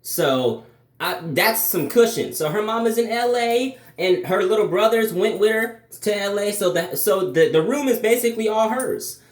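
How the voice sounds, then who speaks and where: A young man telling a storytime vlog, swearing, restarting sentences, animated. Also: high-pitched, normal speed, roomy sound. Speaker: vlogger.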